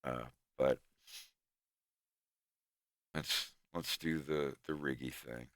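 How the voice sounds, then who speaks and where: Floridian streamer with a Southern drawl, slow and rambling, bright tone, dry sound. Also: male voice, extremely low pitch, steady tone, no room sound. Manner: rambling, restarts often, laughs easily. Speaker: animator and streamer. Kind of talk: casual stream chat.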